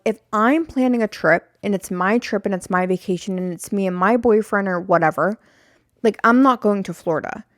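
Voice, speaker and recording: A woman's voice: medium pitch, no echo. Woman podcast host, rambling, self-mocking, dry close sound. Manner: rambling, self-deprecating, tangent-prone. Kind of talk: solo podcast chat.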